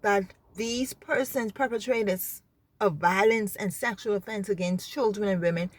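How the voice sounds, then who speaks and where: A woman's voice: mid-range voice, normal speed, no echo. A woman from the Bahamas, speaking earnestly about faith and anger, repeating herself and checking in with her listeners. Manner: earnest, repeats herself, asks "you understand?". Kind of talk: impassioned spoken reflection.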